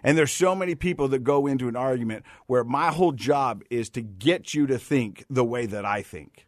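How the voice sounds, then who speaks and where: A middle-aged man from the United States hosting a casual chat, an animated storyteller who often repeats words. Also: medium pitch, normal speed, no room sound, clean studio sound. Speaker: podcast host.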